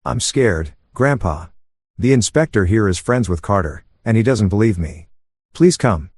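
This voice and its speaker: A man's voice: lowish voice, animated, unhurried, darkish tone, slightly rough, dry recording, studio quality, heavily acted. A man voicing a frightened teenage grandson, speaking in a shaky, pleading way. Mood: scared.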